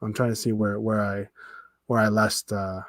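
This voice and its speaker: A young man hosting a football watchalong stream, ranting in exasperation with swearing, restarts and fast bursts of complaint. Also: on the low side, flat delivery, fairly bright tone, no room sound, studio quality. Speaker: fan commentator reacting to a live match. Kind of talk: livestream watchalong rant.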